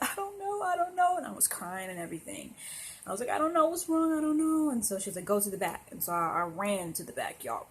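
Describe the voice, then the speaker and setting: A woman's voice: mid-range voice, slight background noise. Rambling young woman telling a story. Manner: rambling, emotional, frequent fillers and restarts. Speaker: vlogger. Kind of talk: casual storytime monologue.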